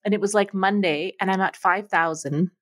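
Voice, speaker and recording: A woman co-hosting a podcast, chatting excitedly and laughing often. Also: medium pitch, normal speed. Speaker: podcast co-host. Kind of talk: casual podcast chat.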